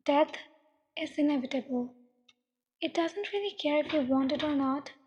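A woman voicing a cold, teasing young female killer who speaks in a slow, mocking, menacing way. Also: high voice, darkish tone, lightly acted. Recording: dull, long echoing reverb.

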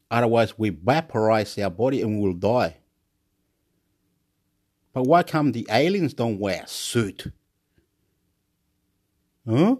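A man from Chile, rambling in a monologue, swinging between loud excited boasting and quiet muttering and repeating words over and over. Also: mid-range voice.

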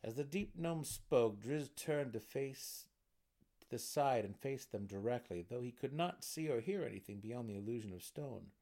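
A man narrating a fantasy novel as an expressive dramatic reading. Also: mid-range voice, normal speed.

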